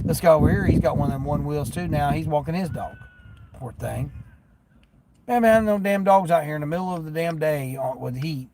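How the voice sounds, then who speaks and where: This delivery driver livestreams as he works, rambling folksily and refusing orders aloud. His voice runs on the high side with wildly swooping pitch, fairly quick, against a noisy background.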